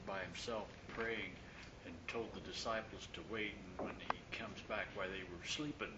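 A man's voice: lowish voice, fairly even intonation, moderate pace. A man in a class asking a question from the floor in a plain, conversational way. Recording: distant lo-fi recording with loud room noise.

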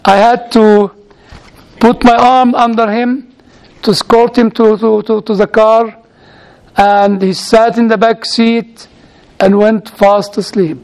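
Very high-voiced man preaching. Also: level tone, vocal fry, a little mellow, smooth. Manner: halting, with frequent restarts and playful asides. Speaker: priest. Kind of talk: sermon with storytelling.

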